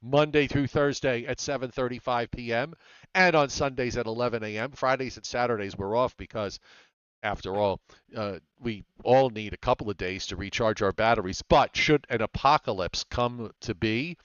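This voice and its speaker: A man hosting a live weather show, talking in a relaxed way with many fillers. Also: medium pitch, moderate pace, smooth, no room sound, muffled recording. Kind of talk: live weather broadcast chat.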